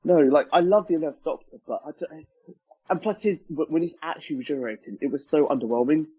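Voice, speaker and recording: A man with a husky voice takes part as a guest on a casual podcast quiz. He hesitates over his guesses, then shares his opinions eagerly. His voice comes through with a dull, lo-fi sound. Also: a little high, quick pace. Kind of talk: casual chat.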